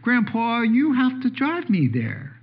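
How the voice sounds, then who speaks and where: A man's voice: very high-pitched, huge pitch swings, slow, slight background noise, voice pushed up, heavily acted. A man voicing an eager, needy four-year-old boy in a sermon. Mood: pleading. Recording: dull lo-fi sound.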